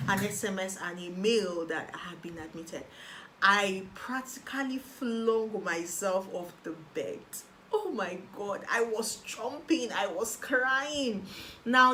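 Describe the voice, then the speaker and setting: A young woman with a Nigerian accent recounts her own story in a lively, expressive way, putting on the voices of the people she quotes. Her pitch sits in the middle range. A faint hiss of background noise runs under the recording. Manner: animated storyteller who acts out quoted voices. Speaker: guest telling her life story. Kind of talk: personal testimony.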